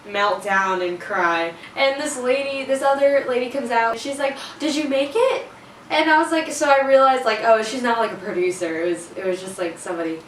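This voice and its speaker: A woman's voice: medium pitch, a bit bright. Chatty teenage girl, roomy distant sound. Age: teens. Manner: chatty, lots of fillers, laughs at herself. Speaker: vlogger. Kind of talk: casual storytime. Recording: roomy, a bit distant, faint noise.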